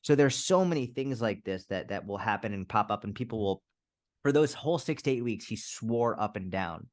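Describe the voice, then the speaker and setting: A man in his thirties, a fitness coach, talking casually on a podcast and telling animated stories with frequent swearing. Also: fairly low pitch, normal speed. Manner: animated storyteller, swears freely.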